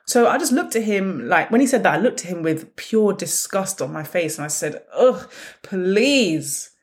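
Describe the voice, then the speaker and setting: A woman hosting her own podcast, telling stories in a blunt, sarcastic, animated way. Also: medium pitch, fairly quick. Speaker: podcast host. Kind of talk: casual solo podcast monologue.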